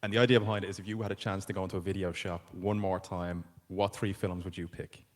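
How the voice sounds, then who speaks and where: Guy hosting the panel, talks fast, low-ish voice, cracks jokes. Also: flat delivery. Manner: quick, joking. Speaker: panel moderator and podcast host. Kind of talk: moderating a panel Q&A.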